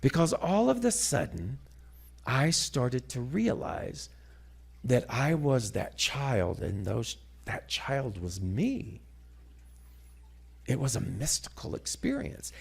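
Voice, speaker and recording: A middle-aged man giving a sermon-style talk, telling a story dramatically and moving between loud passages and hushed ones. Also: mid-range voice, wildly swooping pitch, slow pace, vocal fry, breathy edge. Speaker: guest speaker.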